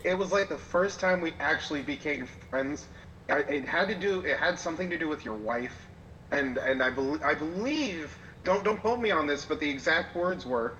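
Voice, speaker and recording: A man's voice: on the high side, expressive, normal speed, bright, forceful tone, highs cut off, a little hiss or hum. A man chatting as a podcast guest, playful and rambling, often correcting himself mid-sentence. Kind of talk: casual chat.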